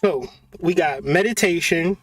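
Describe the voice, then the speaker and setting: A man's voice: on the high side, unhurried, no room sound, faint music behind. A man in a casual, profane monologue, joking and laughing as he talks. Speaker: channel host.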